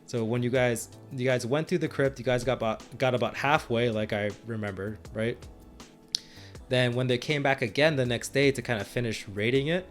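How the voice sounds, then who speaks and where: A medium-pitched man speaks at a moderate pace over faint background music. Co-hosting a podcast, he recounts his tabletop sessions as game master in casual chat, rambling, restarting often, and laughing.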